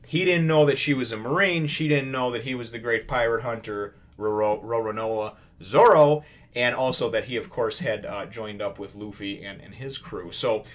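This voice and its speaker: A man's voice: medium pitch, moderate pace. A man casually retelling a comic chapter, rambling with many fillers and quoting the characters in a raised voice. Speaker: comics reviewer.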